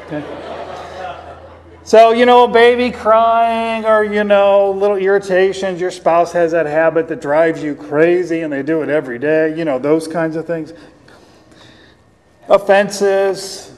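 A man preaching a sermon as pastor, teaching earnestly with pauses and repeated phrases, and slowing down to read scripture aloud. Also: fairly high pitch, steady tone, darkish tone. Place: church. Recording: long hall reverb.

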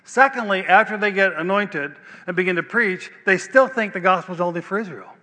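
An older male pastor preaches in a loose, conversational way, often repeating himself and asking his listeners "right?". His voice sits high and sounds bright and forceful. It carries through a long, ringing hall reverb. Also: brisk. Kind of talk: sermon.

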